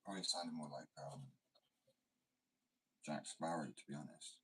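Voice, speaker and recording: A man's voice: a bass voice, a little slow, pushed and bright, distant mic. A man, chatting and rambling casually while he works in a workshop, swearing and often dropping to a mutter. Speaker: skate workshop vlogger.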